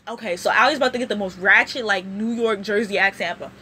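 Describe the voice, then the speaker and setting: A woman vlogger recapping a show in casual, rambling, animated storytelling. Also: mid-range voice, fast, hardly any pauses, a little hiss or hum.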